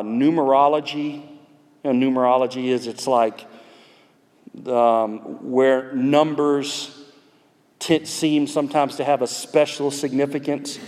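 A man's voice: mid-range voice, a little mellow. Preacher man in a reverberant hall. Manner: conversational, digressive, with asides to the audience. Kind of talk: expository sermon. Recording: long reverb in a large hall.

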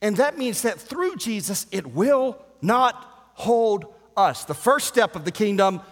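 A man preaching a sermon in a church sanctuary, his fairly high voice carrying a long hall reverb. He climbs to loud, ringing exhortations, then drops to quiet, low-key asides. He reads quoted passages with dramatic weight. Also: expressive, slow pace. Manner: reads quotations aloud with dramatic emphasis. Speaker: pastor.

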